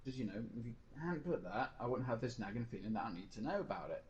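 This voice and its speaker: A man's voice: mid-range voice, lively intonation, fast, a little mellow, highs cut off, slight background noise. A man streaming a game, rambling through a personal story in casual chat and mimicking other people's lines. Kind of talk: casual chat while gaming.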